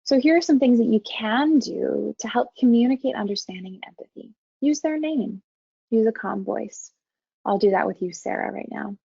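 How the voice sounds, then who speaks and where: A woman counseling instructor delivers an online training lecture in a calm, measured, gentle way. Her voice is mellow and a little raspy, with frequent vocal fry. The audio is dry and dull, with the lo-fi sound of a webinar recording. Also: on the high side, no echo. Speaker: university counseling faculty presenting a webinar.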